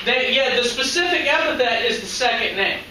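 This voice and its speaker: A man lectures a class in a chatty way, stopping often to ask the students questions. His voice sits high and sounds very bright. He is picked up from across a very echoey classroom, with faint room noise behind him. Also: expressive, a little fast, far from the mic. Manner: conversational, asks the class questions. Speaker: high school biology teacher.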